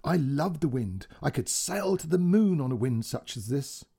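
A bold little kite in a storybook, voiced by a man, eager and boastful, with a lively, bouncing delivery. The voice stays mellow and slightly husky underneath. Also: medium pitch, moderate pace. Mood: excited. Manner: excited, boastful.

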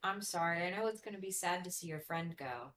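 Calm woman player. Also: lowish voice, a little fast. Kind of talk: casual tabletop play.

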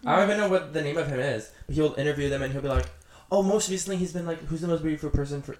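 A woman co-hosting a podcast, telling stories in an animated way with lots of fillers. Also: low-pitched, very fast, roomy sound. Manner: animated storytelling with many fillers. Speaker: podcast co-host. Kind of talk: casual chat.

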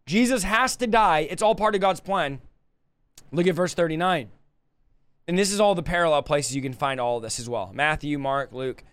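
A man's voice: on the high side, animated, normal speed, a bit bright, clear, resonant tone, dry recording. A man preaching a sermon with an impassioned, repetitive cadence.

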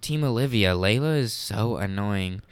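A young man co-hosting a podcast, telling stories in an excited, rambling way full of "like". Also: fairly low pitch, normal speed, clear, resonant tone, no echo. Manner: excited, rambling storyteller with many "like"s. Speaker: podcast co-host. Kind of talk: casual chat.

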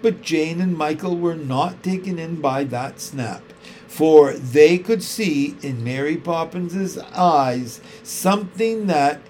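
Slow, measured male storyteller. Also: on the high side, a little mellow, a little hiss or hum. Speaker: narrator. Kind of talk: storybook reading.

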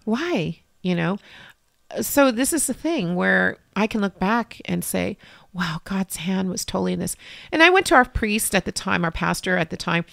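A middle-aged woman shares a heartfelt story in an interview, her voice carrying a gravelly edge. She acts out old conversations with feeling, in a dry, close recording. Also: mid-range voice, very animated, moderate pace, fairly bright tone, dry recording. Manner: emotional storytelling, acting out dialogue. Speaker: interview guest. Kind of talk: personal faith story in conversation.

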